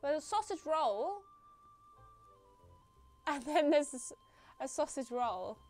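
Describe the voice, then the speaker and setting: Brief: young woman, female streamer, higher voice, rambling playful game chat, light music under. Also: big pitch swings, takes it slowly, a little mellow. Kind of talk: live game commentary, chatting with viewers.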